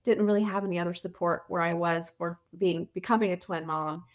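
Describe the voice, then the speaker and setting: A woman's voice: on the low side, steady tone, brisk. A woman, a mother of twins, talking as a podcast guest with hesitant restarts. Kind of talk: casual conversation.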